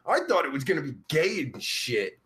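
Casting: a man playing a crude, foul-mouthed streamer, high, bouncy voice, slow delivery. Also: very animated, fairly bright tone. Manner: profane, crude, rambling. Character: crude vulgar man livestreamer, Pervert Pete. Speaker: livestream host. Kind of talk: live chat comedy stream.

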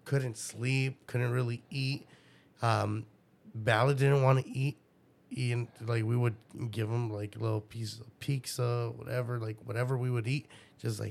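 A young man, a father, telling a story in a casual interview, profane and animated. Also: mid-range voice, measured pace, vocal fry. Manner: profane, animated, acts out his own past dialogue.

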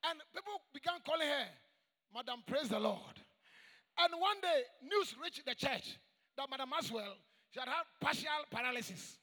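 High-pitched preaching man in echoing hall. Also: lively intonation, moderate pace. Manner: emphatic, call-and-response preaching with shouted peaks. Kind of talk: sermon. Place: large church hall. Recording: long echoing church reverb.

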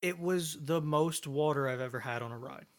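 Male co-host, higher voice, easygoing, steady step-by-step storyteller. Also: normal speed. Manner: laid-back storyteller recounting events step by step. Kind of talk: casual chat.

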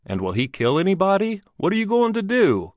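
A man's voice: mid-range voice, big pitch swings, measured pace, a bit bright, no room sound, studio quality. A man voicing a jocular travelling salesman in an old Western story who fires off anxious questions.

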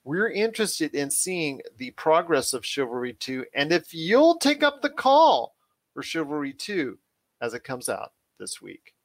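Brief: eager male podcast host, slightly high voice, dry close recording, loops back on his phrases. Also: sing-song, measured pace, no echo. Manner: enthusiastic, repetitive phrasing, addresses guest as my friend. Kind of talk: casual podcast chat.

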